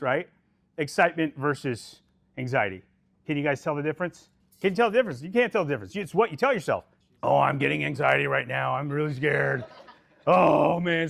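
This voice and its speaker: A man in his thirties leads a sales team meeting with a loud, swaggering pep talk. His voice sits a little high and swings up and down a lot. He swears freely and calls everyone "dude".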